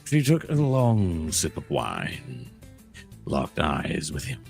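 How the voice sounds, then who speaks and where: A man's voice: rumbling low, wildly swooping pitch, slow pace, gravelly, darkish tone, faint music behind. A man hosting a podcast, reading a story aloud with friends and breaking into laughs. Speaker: podcast host and reader.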